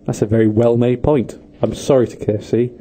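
A man's voice: medium pitch, steady tone, fairly quick, dark tone. A young British man co-hosting a student radio show in casual banter, often stammering and laughing. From Britain. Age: young adult. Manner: giggly, stammering, jokey. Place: radio studio.

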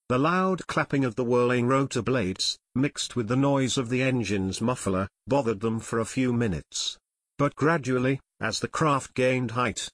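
A man's voice: mid-range voice, fairly bright tone, no echo. Man narrating an audiobook, dry close sound. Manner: measured storytelling. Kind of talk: scripted narration.

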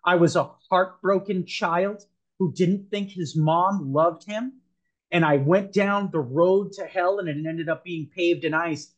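A man's voice: high voice, unhurried. A man as a podcast guest, earnestly telling a personal story, rambling with frequent restarts.

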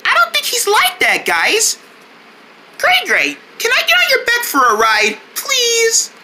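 A woman voicing an excitable young cartoon girl who squeals and shouts playfully. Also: extremely high pitch, measured pace, background noise, heavily acted. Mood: eager.

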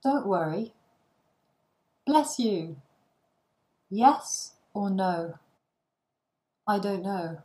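A woman reads short phrases aloud for learners, one after another, with pauses between them. She speaks slowly and carefully, at a middle pitch. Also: expressive, warm tone. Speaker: language learning reader. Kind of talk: slow phrase-list reading for learners.

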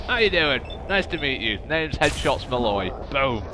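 A man's voice: mid-range voice, big pitch swings, normal speed, noisy background. A man commentating a game playthrough in a chatty, jokey way, talking to the characters on screen. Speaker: gaming YouTuber. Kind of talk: let's play commentary.

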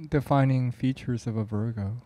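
A soft-spoken man co-hosting a casual podcast chat, asking curious questions. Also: medium pitch, fairly even intonation, normal speed.

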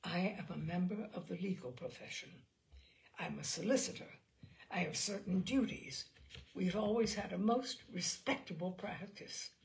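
A woman's voice: fairly low pitch, moderate pace, creaky, darkish tone. A woman reading the part of a flustered, pompous older man who is a solicitor. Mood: indignant. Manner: stiff and indignant.

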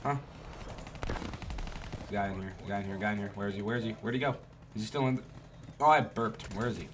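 A man giving profane, trash-talking commentary over a shooter game, with sudden loud outbursts. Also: fairly low pitch, fairly even intonation, fairly quick, pauses often, slight background noise. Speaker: gaming YouTuber. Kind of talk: gameplay commentary.

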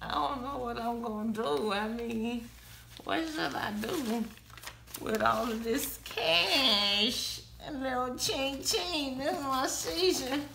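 Slow, gushing woman with gravelly voice. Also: high-pitched, sharp tone, slight background noise. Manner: exclamatory, gushing. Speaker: vlogger. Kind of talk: casual chat. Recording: echoey room.

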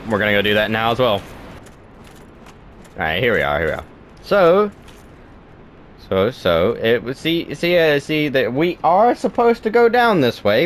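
A man's voice: mid-range voice, a little hiss or hum. A young man giving playful let's play commentary, chatting to the game and yelping at what happens. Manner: talks to the game, playful and excitable, yelps. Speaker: gaming video host.

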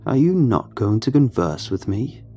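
A man voicing a creepy, gaunt male sun being with a croaking voice, slow and drawn out in a horror story reading. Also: lowish voice, sing-song, mellow, soft background music. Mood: creepy coaxing.

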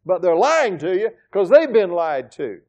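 Emphatic preaching man, fairly high voice. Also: very animated, a little slow. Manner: emphatic, swings between loud exclaims and quiet asides. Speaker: pastor. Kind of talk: sermon. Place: church sanctuary.

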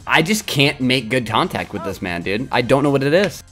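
A young man giving crude, excitable live commentary while he plays a video game, trash-talking and yelling at the screen. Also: medium pitch, moderate pace, hardly any pauses, faint music behind. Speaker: gaming streamer.

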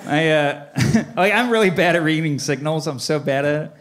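A comic on a club stage tells animated stories, dropping into over-the-top impressions of his family, while the audience laughs on the live recording. His voice is on the high side and a bit bright, moving at a moderate pace, with a little hiss or hum.

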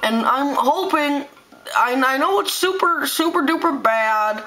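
A woman with a high, piercingly bright voice rants to the camera. Her delivery stumbles and circles back on itself. She keeps a tone of wide-eyed, earnest indignation throughout. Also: animated, unhurried, low-quality recording. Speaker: channel host. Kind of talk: comedic rant to camera.

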